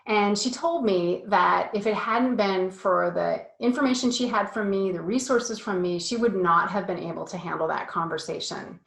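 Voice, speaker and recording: A woman's voice: medium pitch, expressive, normal speed, echoey room. A woman coaching parents in a casual, chatty talk full of fillers and asides. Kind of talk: casual online course talk.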